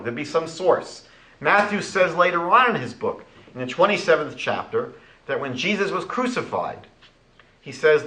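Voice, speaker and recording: A man giving a lecture as a rabbi, animated and rhetorical, retelling conversations. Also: fairly high pitch, reverberant, low-quality recording.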